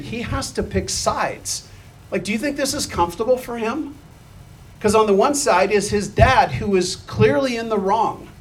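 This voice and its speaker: High-pitched male preacher, conversational sermon, reads and acts out scripture. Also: slight background noise. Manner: conversational, asks the listeners questions; reads scripture aloud and acts out the quoted lines.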